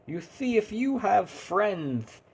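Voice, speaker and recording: A man voicing a male hero who sounds overly cheery while dwelling on grim things, with a drawn-out, sing-song delivery. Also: sits high, sing-song, creaky, husky, voice pushed up, exaggerated voice. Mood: mock cheery.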